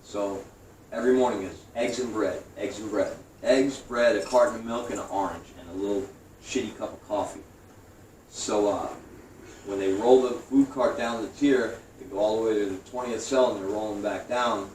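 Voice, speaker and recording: Profane, lower-voiced New York man. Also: moderate pace. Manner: profane, animated storytelling. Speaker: guest. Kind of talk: storytelling interview. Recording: roomy, distant mic, faint hiss.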